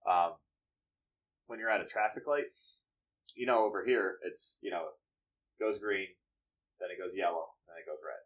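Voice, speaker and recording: A man's voice: low voice, moderate pace, pauses often, dull audio. A man from northeastern Pennsylvania in casual chat, musing and trailing off with fillers.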